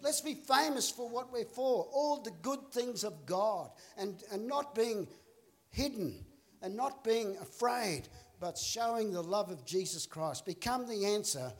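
A man preaching in a church, his voice pitched high for a man. He tells his story with lively energy, laughing along and acting out the people in it. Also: a little slow. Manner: animated storyteller, acts out characters, laughs along. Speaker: pastor. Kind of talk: storytelling sermon. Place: church auditorium.

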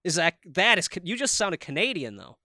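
A man's voice: high voice, sing-song, normal speed, sharp tone, no echo, studio quality. A young man from Minnesota co-hosting a podcast, chatting casually and joking as he mimics local ways of talking. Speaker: podcast co-host. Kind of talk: casual chat.

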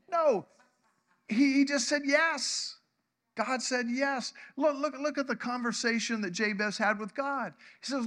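Bright, high-voiced preacher. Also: male voice, lively intonation, a little slow. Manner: emphatic, exclamatory, repeats phrases. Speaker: pastor. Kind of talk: sermon.

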